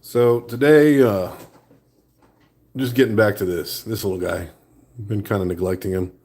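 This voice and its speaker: A man's voice: on the low side, unhurried. A man making an art vlog, chatting casually and rambling easily as he sculpts a small creature. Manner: relaxed, rambling talk while working with hands. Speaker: art vlogger. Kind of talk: casual chat while sculpting. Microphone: new phone.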